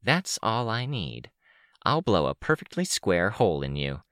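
A man voicing a young woman who threatens softly, barely above a whisper, in an audiobook. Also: lowish voice, sing-song, measured pace, clear, resonant tone, dry recording, studio quality, pitched above the performer's own voice, full character voice. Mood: threatening.

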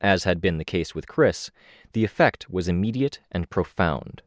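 A man reading a first-person story aloud as an audiobook narrator, steady and measured, with lifts on the action beats. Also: sits low, no room sound, clean studio sound.

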